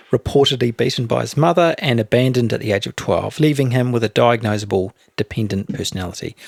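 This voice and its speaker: Gravelly New Zealand podcast narrator. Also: male voice, mid-range voice, no echo, clean studio sound. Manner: measured, matter-of-fact storytelling. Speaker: podcast co-host. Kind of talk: true crime podcast narration.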